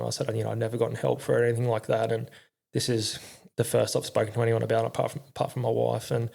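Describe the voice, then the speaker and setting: A young man, a former soldier, telling his story in a candid interview, halting, with lots of fillers and swearing. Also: medium pitch, gravelly, darkish tone. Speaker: podcast guest, army veteran.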